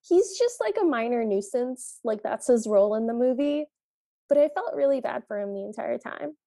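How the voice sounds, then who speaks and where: A woman's voice: on the high side, lively intonation, moderate pace, creaky, mellow, dry recording. A woman co-hosting a podcast, chiming in with easygoing recap chat. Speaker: podcast co-host. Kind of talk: casual movie recap chat.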